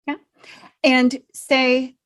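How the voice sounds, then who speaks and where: A woman speaking as a self-help coach in an unscripted talk to camera, reflective and gently encouraging, with frequent pauses. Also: high-pitched, level tone.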